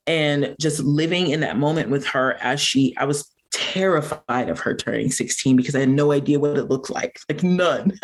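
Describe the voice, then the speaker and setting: Reflective middle-aged woman, laughing often. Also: rumbling low. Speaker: podcast guest. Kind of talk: candid personal interview.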